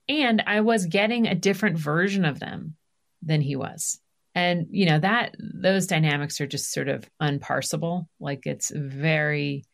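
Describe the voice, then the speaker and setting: Candid middle-aged woman, lower voice. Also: gravelly. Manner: animated, confessional, full of asides and self-deprecation. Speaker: guest, author and podcaster. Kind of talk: candid conversational storytelling.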